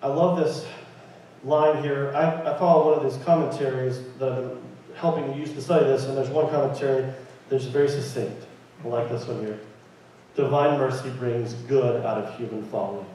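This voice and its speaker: A man preaching a sermon in a church, lively and conversational, often asking the congregation questions. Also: medium pitch, normal speed, a little hiss or hum. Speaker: pastor. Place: church sanctuary. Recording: very echoey room, mic at a distance.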